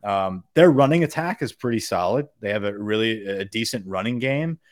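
A man with a lowish voice talks through a college football game in loose podcast banter. He laughs easily and swears now and then. The close studio mic sounds dry. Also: lively intonation, normal speed, no room sound. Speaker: podcast co-host. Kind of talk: casual sports chat.

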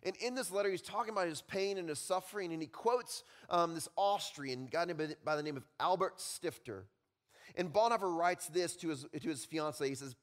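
Male pastor, slightly high voice, animated sermon delivery with big swings in volume. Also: brisk. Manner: animated, swings between loud emphasis and quiet reflection.

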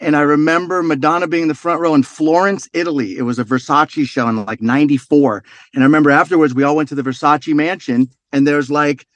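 A man's voice: a little high, fast talker, few pauses, dry recording. A middle-aged man telling loose, profane stories as a podcast guest in casual chat. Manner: loose, swears freely, animated storyteller.

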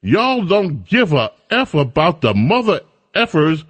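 A man voicing an angry local working man who shouts and curses. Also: a little high, sing-song, unhurried, husky, voice pushed up, heavily acted. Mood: furious. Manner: shouting, cursing.

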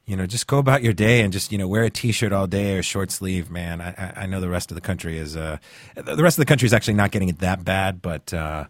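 A man's voice: deep voice, fast, no room sound. A man hosting a podcast in casual chat, chatty with frequent stammering restarts. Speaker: podcast host.

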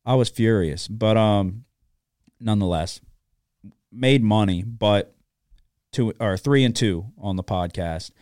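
A man's voice: on the low side, expressive, moderate pace, a little mellow, dry recording, studio quality. A man co-hosting a sports betting podcast, ranting with frequent profanity in casual chat.

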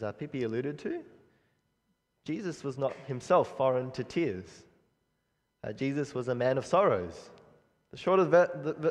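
Man preaching a sermon, earnest and measured, normal pitch, echo hanging in a big hall. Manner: earnest, measured preaching with frequent pauses and restarts. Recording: long reverb of a hall.

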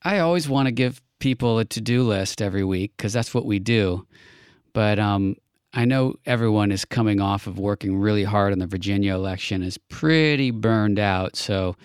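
A man co-hosting a casual political chat show, relaxed and chuckling, thinking aloud with frequent fillers. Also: fairly low pitch, moderate pace, clean tone, dry recording, studio quality. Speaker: podcast co-host.

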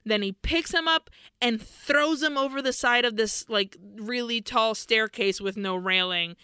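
A young woman co-hosting a podcast, casually recapping a movie scene by scene, animated and swearing freely. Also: on the high side, a little slow, smooth, no echo, studio quality. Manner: animated, swears freely, acts out characters' lines. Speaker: podcast co-host.

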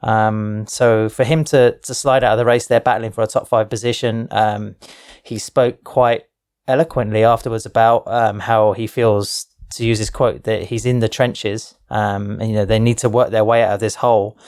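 Low-voiced man hosting a studio chat. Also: flat delivery, normal speed, darkish tone, clean tone, no room sound. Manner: hesitant, many fillers. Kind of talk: studio discussion.

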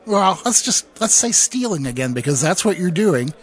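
A man's voice: high voice, big pitch swings, moderate pace, slightly rough. A man co-hosting a beer podcast, opinionated and stammering into his points in casual chat. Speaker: podcast co-host.

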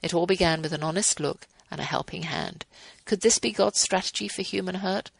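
A woman in her fifties hosts a radio show, reading aloud and signing off in an earnest, devotional manner. Her voice sits low with a gravelly edge, recorded dry and close. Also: a little fast, no echo, poor audio. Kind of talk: reading aloud and closing remarks.

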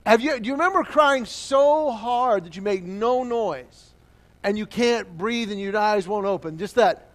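High-voiced man preaching a story sermon. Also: unhurried, a little hiss or hum. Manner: animated storytelling with acted-out quotes. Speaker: pastor.

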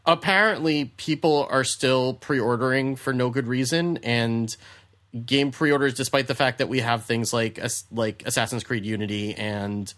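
Relaxed rambling man, mid pitch. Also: moderate pace. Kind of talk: casual chat.

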